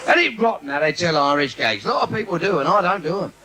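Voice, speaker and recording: Brash London stand-up comic. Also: male voice, a little high, lively intonation, fast, bright, forceful tone. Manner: brash, cheeky patter with audience asides. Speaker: stand-up comedian. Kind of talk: live bawdy stand-up routine. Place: theatre stage before a live audience. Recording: noisy live theatre recording.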